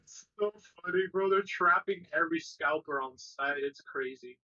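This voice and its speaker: A man co-hosting a live trading stream, talking in an animated, slangy way and swearing freely. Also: fairly high pitch, normal speed, highs cut off. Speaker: stock trading co-host. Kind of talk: casual live-stream chat.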